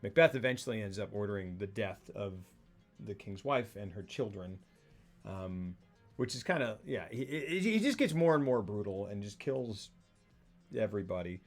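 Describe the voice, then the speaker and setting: A man's voice: lowish voice, expressive, moderate pace, faint music behind. A man co-hosting a casual film talk show, recapping a plot in a rambling way and acting out the characters' lines. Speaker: podcast co-host. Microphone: streaming mic.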